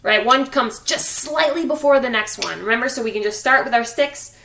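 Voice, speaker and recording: High-voiced woman coaching drum practice. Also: fairly quick, echoey room, heavy background noise. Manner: encouraging, counts aloud and coaches step by step. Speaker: music teacher. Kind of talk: online drum lesson for children. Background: drumstick clicks on a practice pad.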